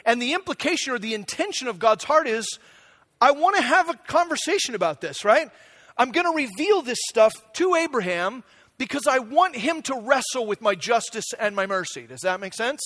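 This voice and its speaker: A man's voice: extremely high pitch, lively intonation, moderate pace, a bit bright. A man in his forties preaching a sermon, telling a family story in a conversational way and checking in with the room. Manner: conversational, asks the room "right?". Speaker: pastor.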